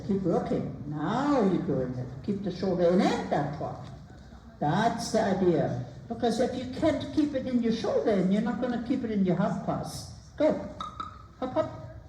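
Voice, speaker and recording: A woman coaching a rider in an arena, calling out short, brisk commands and counting strides. Her voice is mellow and rises and falls a lot. It sounds roomy and far from the mic, with faint ambience behind her. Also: on the high side, a little hiss or hum. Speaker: riding instructor. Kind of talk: live coaching during a riding lesson. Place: riding arena.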